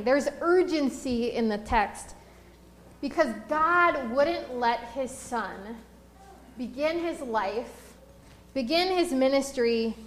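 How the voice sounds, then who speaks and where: Speaking with a high voice, this female pastor threads a personal story through her sermon, slowing to emphasize every phrase as she reads from scripture. There's a roomy echo and slight background noise.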